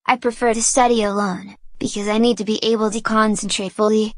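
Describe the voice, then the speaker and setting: A woman reading scripted sample answers as an exam candidate, clear and composed. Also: mid-range voice, little pitch movement, fairly quick, no echo.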